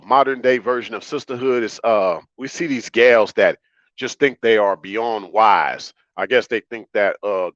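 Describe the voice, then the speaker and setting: A man's voice: lowish voice, a bit bright, no echo, highs cut off. A man hosting a livestream monologue, talking in an emphatic, repetitive, preachy way. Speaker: livestream host.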